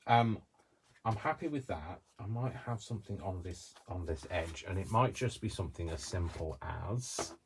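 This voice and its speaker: Coventry-accented man, deep voice, chatty craft host muttering to himself mid-project. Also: lively intonation, normal speed, noisy background. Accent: Coventry English. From Coventry, England. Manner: chatty, rambling, talks to himself while working. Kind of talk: casual crafting demonstration.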